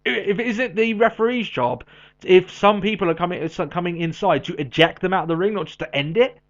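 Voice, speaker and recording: Lively podcast man, dull lo-fi sound. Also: high voice. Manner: animated, quick asides, laughs often. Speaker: podcast co-host. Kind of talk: casual chat. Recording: dull lo-fi audio.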